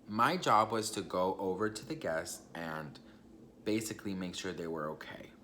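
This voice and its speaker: A young man in a casual storytime vlog, his voice sitting a little low. He chats in a gossipy, confiding way, swears freely and keeps turning to his viewers as if they were friends. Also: moderate pace, sharp tone, slight background noise. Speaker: vlogger.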